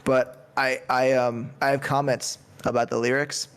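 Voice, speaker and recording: A man's voice: mid-range voice, level tone, unhurried, clean tone. A man chatting casually in a music review, enthusiastic and rambling with lots of fillers. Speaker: podcast panelist.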